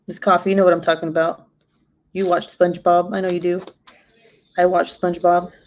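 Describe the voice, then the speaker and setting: A woman's voice: on the low side, level tone, brisk, darkish tone. A young woman chatting casually and rambling on her live stream, giggling often. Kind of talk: casual chat.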